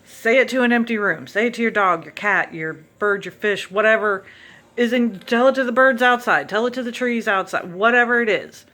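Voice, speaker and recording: A woman's voice: fairly high pitch, moderate pace, bright, forceful tone. A woman vlogger giving an earnest, emphatic motivational monologue to encourage her viewers.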